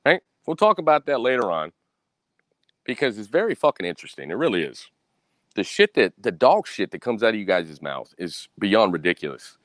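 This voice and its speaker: A man's voice: on the low side, very animated, brisk, no echo. Blunt, cursing American man ranting. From United States. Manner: keeps asking "right?". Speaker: storyteller. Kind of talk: casual profane monologue.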